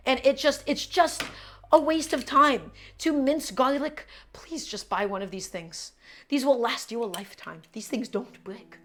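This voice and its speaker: A woman's voice: high voice, measured pace, slight background noise. A woman hosting a live cooking stream, chatting casually with viewers and repeating her instructions as she works.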